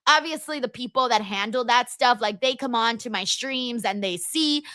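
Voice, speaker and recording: A woman's voice: a little high, normal speed, sharp tone, no echo. A young woman hosting a live-stream watchalong, chatting casually and giggling as she reads out viewer comments.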